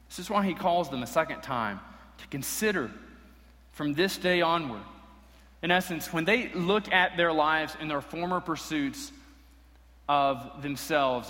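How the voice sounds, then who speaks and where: A male pastor delivers a sermon in a bright, forceful voice pitched a little high. He is earnest and emphatic, repeating key lines for weight. The sound carries a long reverb from a large hall. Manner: earnest preaching with emphatic repetition.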